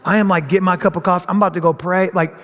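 A middle-aged man preaching a sermon as pastor, animated and often acting out other people's voices. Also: high-pitched, racing, big-room sound. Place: church sanctuary.

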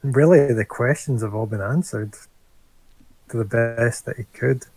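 A man, playing a tabletop game and thinking aloud in a hesitant way, with frequent pauses. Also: mid-range voice, poor audio. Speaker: player. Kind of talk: casual game table chat.

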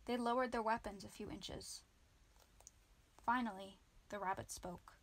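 A woman narrating a children's book in an amateur audiobook, reading lively. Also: medium pitch, unhurried. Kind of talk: children's book read-aloud.

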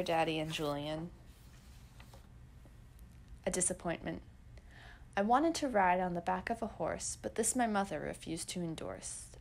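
A teenage girl narrating old diary entries and poems in an earnest, expressive way. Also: lowish voice, gravelly, slight background noise. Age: teens.

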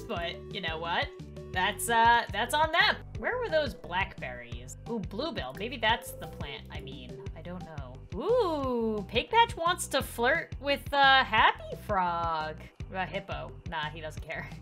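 A young adult woman doing Let's Play commentary, excitable and jokey, scolding and cheering the characters in her game. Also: fairly high pitch. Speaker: gaming YouTuber. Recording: game music behind.

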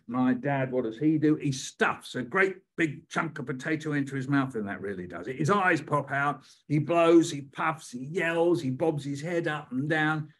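An older man, a poet, telling stories and performing a poem with dramatic pauses. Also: medium pitch, a bit bright, slightly rough. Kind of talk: storytelling on a live online session.

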